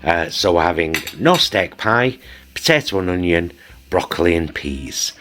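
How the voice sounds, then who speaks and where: A man's voice: low-pitched, animated, moderate pace, fairly bright tone, slight background noise. A man hosting a casual food vlog, chatty, teasing and affectionate as he shows dinner. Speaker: vlog host.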